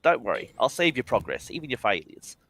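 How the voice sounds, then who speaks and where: A man doing an impression of a calm male game narrator, dry and measured, with his voice lowered. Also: dry recording.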